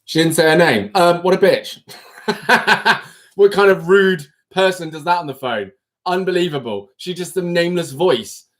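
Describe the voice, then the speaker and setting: Brief: male livestream host, fairly high-pitched, chatty and playful, reacts to viewer comments. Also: moderate pace, fairly bright tone. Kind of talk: casual livestream chat, reading comments.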